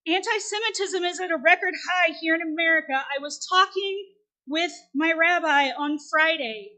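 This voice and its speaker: Woman minister in her forties, very high bright voice, chatty storytelling sermon delivery. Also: moderate pace. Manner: conversational storytelling preacher, asks the congregation questions.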